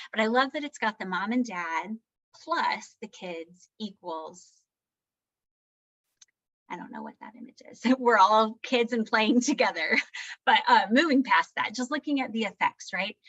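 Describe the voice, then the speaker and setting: A woman's voice: mid-range voice, a bit bright. Woman presenter chatty, with muffled sound. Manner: conversational, tags points with "right?"; candid and self-deprecating. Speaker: parenting workshop presenter. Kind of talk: live presentation.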